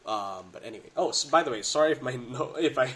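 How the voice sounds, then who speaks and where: A man whose voice is stuffy and congested from a cold talks through tabletop game rules in a loose, excitable way. He uses plenty of gamer slang. His pitch sits in an ordinary middle range, and the sound comes from a budget home mic. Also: fast, slight background noise. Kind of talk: casual rules breakdown. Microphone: budget home recording setup.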